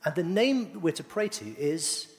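Middle-aged guy preaching in a church, higher voice that bounces around a lot, playful, quizzing the crowd. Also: animated, measured pace. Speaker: pastor. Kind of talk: sermon with congregation call-and-response. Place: church hall. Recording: long reverb of a church hall.

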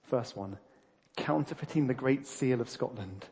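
A man preaching a sermon, animated and laughing often, with frequent restarts and fillers. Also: medium pitch, unhurried, slight background noise.

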